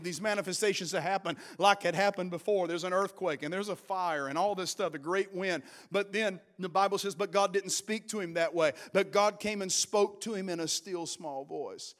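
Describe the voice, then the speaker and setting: A male pastor preaching a fervent sermon, calling on the congregation and shouting declarations. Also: sits high.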